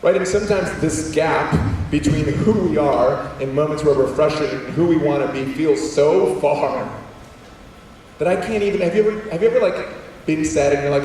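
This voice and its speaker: A young adult man telling funny stories as a guest speaker in a large school auditorium, animated and acting out quotes in voices. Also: on the high side, normal speed, slight background noise. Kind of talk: comedic storytelling talk. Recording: echoey hall, distant mic.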